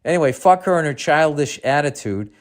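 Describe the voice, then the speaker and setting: A man's voice: fairly high pitch, animated, brisk. A man hosting a podcast, reading a listener's letter aloud and breaking in with profane, sarcastic asides. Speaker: podcast host.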